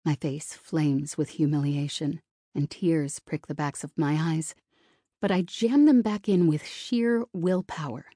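A woman's voice: sits low, measured pace, dark tone, no room sound, clean studio sound. A woman reading a novel in the first person, wry and self-conscious in tone. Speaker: audiobook narrator.

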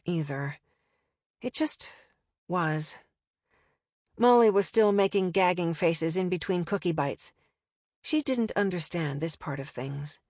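A woman's voice: lowish voice, a little mellow, no echo, studio quality. A woman narrating an audiobook in a wry, conversational way.

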